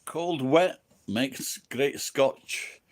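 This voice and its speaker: Speaking extremely slowly in a mid-range voice, a man from England rambles through casual chat with his livestream audience. He's tipsy from drinking, has an English accent, and swears nonstop.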